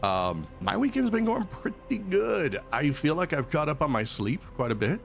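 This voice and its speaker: A man's voice: a little high, very animated, moderate pace, vocal fry, soft background music. A man chatting casually as a streamer while he plays a game, rambling and joking along. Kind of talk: casual gameplay commentary.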